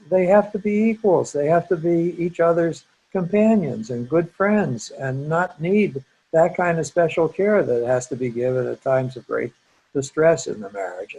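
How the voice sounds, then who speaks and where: An older man speaks in a gravelly, slightly husky voice that sits a little high for a man. He talks in a measured, reflective way, like a psychologist lecturing from his own experience, and leans hard on key points. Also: a little mellow, rough recording. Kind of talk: reflective lecture-style storytelling.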